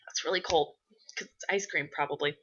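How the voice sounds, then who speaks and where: A woman vlogger rambles through viewer questions in a casual, profane way, with her speech full of fillers and sudden loud gushing. Her voice sits a little low but sounds bright and forceful. The recording is dull and lo-fi. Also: a little fast, breathy edge. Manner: bursts into loud excited gushing. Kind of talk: casual chat.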